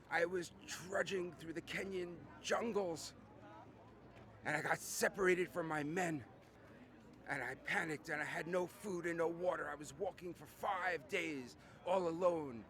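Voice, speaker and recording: A man voicing a grumpy old British war-hero colonel who blusters and bursts into shouts, recorded outdoors on a city street. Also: a little high.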